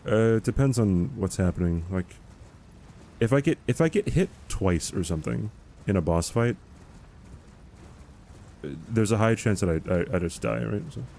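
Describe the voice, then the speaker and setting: A man's voice: lowish voice, animated, moderate pace, creaky, pauses often, dark tone, slight background noise. Laid-back male streamer chatting while playing. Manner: chatty, rambling, answers chat questions. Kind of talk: casual live-stream chat while playing.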